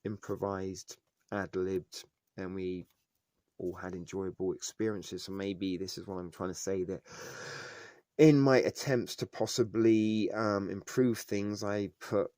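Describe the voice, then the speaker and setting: A man's voice: low voice, steady tone, measured pace, mellow, no echo. A middle-aged man, chatting loosely and jokily on his live stream, full of fillers and tangents. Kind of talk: casual live stream chat.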